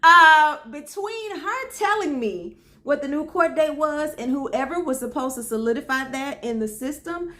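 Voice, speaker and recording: Woman from memphis spinning a funny story, high bright voice, chatty and lively. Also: a little slow, few pauses. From Memphis, Tennessee. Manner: animated, talks straight to viewers with folksy asides. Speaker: storyteller host. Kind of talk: comedic personal storytelling.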